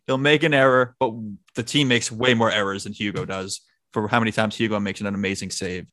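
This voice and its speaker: A man co-hosting a casual football podcast, animated and jokey, swearing as he talks. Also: fairly low pitch, a little fast, dry recording. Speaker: podcast co-host. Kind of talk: casual sports chat.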